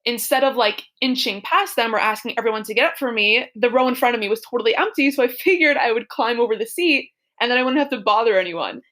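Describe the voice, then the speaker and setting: A woman's voice: a little high, fast, few pauses, a bit bright. A young woman co-hosting a podcast, telling a personal story in a chatty, giggly way full of "like" and "super". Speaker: podcast co-host.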